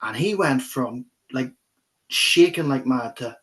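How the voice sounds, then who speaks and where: Earnest pastor telling a story. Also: male voice, medium pitch, lively intonation, slow, a bit bright. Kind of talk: telling a personal story as an interview guest.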